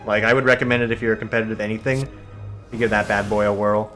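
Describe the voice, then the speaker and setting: A man's voice: lowish voice, fast talker, over music. A young man giving rambling, jokey commentary while playing a game, acting out what his friends say. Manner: chatty, animated, jokey, acts out quoted friends. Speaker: streamer and let's-play host.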